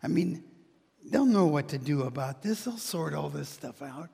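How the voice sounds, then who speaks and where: A man voicing wary, hesitant neighbors who mumble and hedge at length. The voice is husky and gravelly, with the long reverb of a large hall around it. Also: fairly high pitch, lively intonation, normal speed, warm tone, exaggerated voice. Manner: hesitant, mumbling, full of fillers. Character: doubtful, hushed male neighbors.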